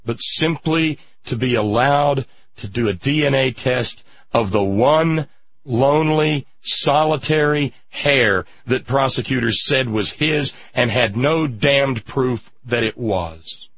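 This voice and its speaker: A man delivering an impassioned political monologue as a radio commentator, indignant, with drawn-out emphatic pauses. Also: mid-range voice, breathy edge, no echo, lo-fi sound.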